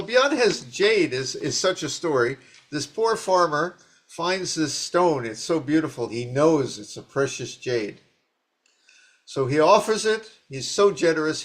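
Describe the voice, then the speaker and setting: Speaking on the high side, a man gives a dharma talk as a Zen teacher. He tells old stories in an animated, rambling manner, restarting often.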